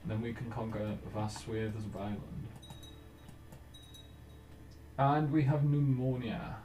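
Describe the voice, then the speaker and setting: A man talks through his moves in a strategy game, musing aloud in a relaxed, casual way. His voice is mellow and dark in tone. The room sounds echoey, with faint game music underneath. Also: medium pitch, measured pace. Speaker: let's play host. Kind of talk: casual gameplay commentary.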